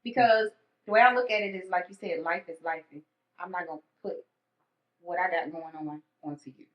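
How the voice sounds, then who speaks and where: A woman's voice: lowish voice, fairly even intonation, brisk. A woman telling personal stories in casual conversation, acting out her own inner thoughts. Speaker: podcast guest. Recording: echoey dull room sound.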